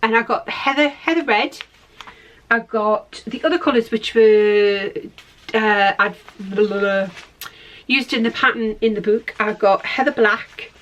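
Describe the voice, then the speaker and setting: A woman's voice: on the high side, a little slow, a bit bright. A middle-aged woman hosting a knitting podcast, rambling and self-deprecating in casual chat while showing her work to the camera.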